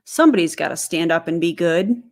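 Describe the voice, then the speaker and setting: A woman with a fairly low voice reacts to video clips in a sarcastic, chatty way, breaking in with quick laughs and teasing remarks. She talks as if to her viewers at home. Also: animated. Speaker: commentary host. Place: home, family heard in the background.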